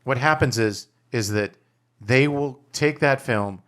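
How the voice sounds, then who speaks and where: A middle-aged documentary filmmaker tells stories over drinks in casual chat, animated and swearing freely as he acts out the people he quotes. His voice is medium-pitched and his pace slow.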